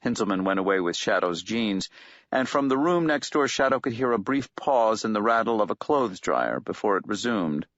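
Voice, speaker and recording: A man narrating an audiobook in a measured, steady way. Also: fairly low pitch, no echo. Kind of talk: scripted narration. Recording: dull lo-fi dry recording.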